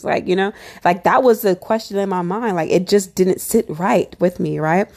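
A woman's voice: fairly low pitch, normal speed, hardly any pauses. Woman telling her faith story. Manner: animated, acts out her own past thoughts, many "like"s and "you know"s. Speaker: speaker sharing a faith testimony. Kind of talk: personal testimony, storytelling.

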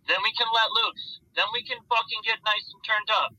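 A man's voice: high-pitched, a little fast, muffled recording. A young man in a band, casually telling a story with plenty of swearing and acted-out voices. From Central Wisconsin. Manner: animated, profane storyteller acting out voices. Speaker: band member.

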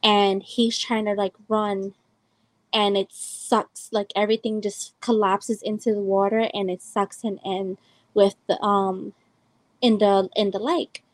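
A woman's voice: mid-range voice, flat delivery, measured pace, dry recording, low-quality recording. Young woman, podcast host, rambling storyteller, lots of fillers, dry close sound. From El Salvador. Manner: rambling, heavy use of "like" and "um". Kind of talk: casual personal storytelling.

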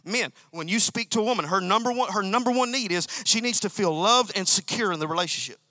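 A male pastor preaches a sermon in a high-pitched, pushed and bright voice, talking fast on a dry recording. He's emphatic, repeats key phrases, and calls out to members of his congregation.

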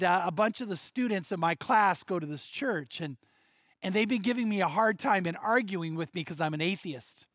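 A high-voiced man preaching and telling a long story from the pulpit, acting out each person's lines with lively shifts. The sound is dry and close, with no room echo. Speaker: pastor. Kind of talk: sermon storytelling.

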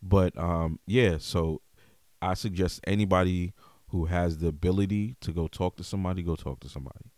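Deep-voiced man hosting a podcast. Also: normal speed, no room sound. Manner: relaxed and open, heavy on "yo", "um" and "you know what I mean". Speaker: podcast host. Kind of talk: casual podcast chat.

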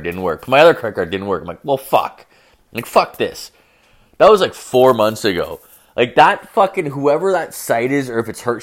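Crude rambling young man ranting. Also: medium pitch. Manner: crude, rambling, filler-heavy. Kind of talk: profane storytelling rant.

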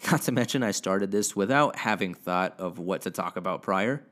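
Solo podcast man, lowish voice, rambling, self-mocking, cursing, close mic with high gain. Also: lively intonation, moderate pace, a bit bright. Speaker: podcast host. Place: suburban house, indoors. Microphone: podcast mic with gain turned up.

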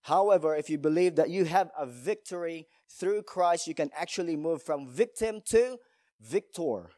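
A man's voice: on the high side, dark tone, no room sound, studio quality. A male pastor preaching a sermon in a church, emphatic, telling stories and asking rhetorical questions.

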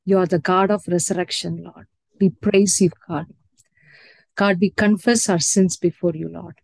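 A woman leading a spoken prayer in a devout, repetitive way, softening at the end of each phrase. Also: fairly low pitch, steady tone, normal speed, gravelly, no echo. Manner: devout, repetitive, fading to soft at phrase ends. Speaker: prayer leader.

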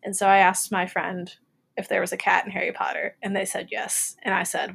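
A woman in her twenties co-hosting a casual podcast, chatty and quick to laugh as she tells stories. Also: mid-range voice, little pitch movement, creaky, fairly bright tone, breathy edge. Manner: giggly, chatty storytelling. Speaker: podcast co-host. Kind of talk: casual chat.

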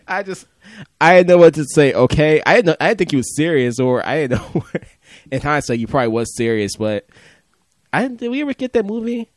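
A man's voice: a little high, very animated, brisk, no room sound, studio quality. A man who is the guest and brother of the host, chatting casually, teasing and laughing often. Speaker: podcast guest, host's brother. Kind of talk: casual chat.

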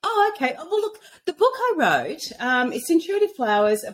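A woman guest on a casual podcast, telling animated stories and acting out the dialogue in them. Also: high-pitched, moderate pace. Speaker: guest author on intuition. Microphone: podcast microphone at a computer.

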